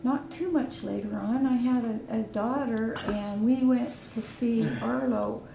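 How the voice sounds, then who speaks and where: An older woman hosting a casual chat, telling stories in an animated way and acting out quotes. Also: on the high side, a little slow, background noise. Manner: animated storyteller, acts out quotes. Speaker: host. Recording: echoey room with music behind.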